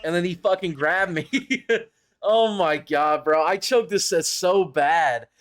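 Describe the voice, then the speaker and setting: A man's voice: on the high side, slow, fairly bright tone, smooth. A young man casually commenting over his own tournament footage, rambling and self-critical, swearing and laughing at his mistakes. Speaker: gaming YouTuber reviewing his own tournament match.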